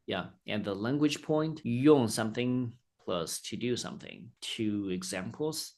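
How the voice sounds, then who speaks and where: A man's voice: mid-range voice, animated. Friendly man teaching Chinese. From China. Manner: friendly, chatty, slows down to model Chinese words. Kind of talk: casual online lesson.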